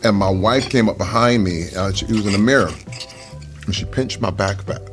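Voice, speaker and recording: Middle-aged man, interview guest, animated storyteller, mimics voices, faint music. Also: a little fast. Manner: animated storyteller, jumps to high mock voices for quotes.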